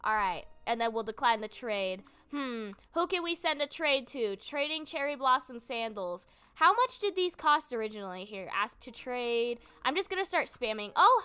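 A woman's voice: on the high side, pushed and bright, clear, resonant tone. A young woman casually commenting on her gameplay, chatty and giggly, thinking aloud as she goes. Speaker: gaming channel host.

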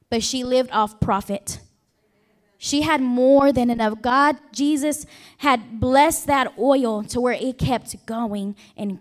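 A woman pastor preaching a Sunday sermon in a chatty way, asking the congregation questions and joking aside. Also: fairly high pitch. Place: church sanctuary.

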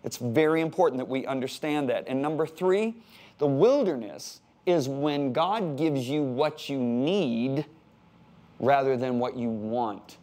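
Animated older American pastor teaching. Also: male voice, medium pitch, a little slow. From United States. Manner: animated, repeats words for emphasis, jokey asides. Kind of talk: sermon-style Bible teaching.

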